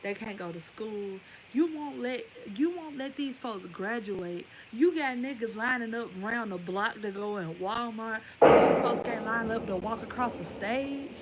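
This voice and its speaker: A woman's voice: a little high, animated, measured pace, few pauses, very noisy. A woman in her twenties giving a rambling, emphatic opinion rant straight to her viewers. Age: 20s. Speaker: vlogger. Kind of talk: casual opinion rant to camera.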